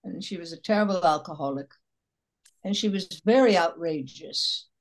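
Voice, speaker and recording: Older woman, husky voice, actress guest, animated storyteller. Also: lowish voice, moderate pace. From Chicago area. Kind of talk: casual interview chat.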